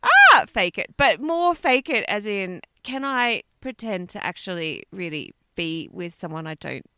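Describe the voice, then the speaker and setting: Lively bright-voiced woman podcast host. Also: mid-range voice, unhurried, clean tone, no room sound. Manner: chatty storyteller, laughs often. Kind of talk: casual chat.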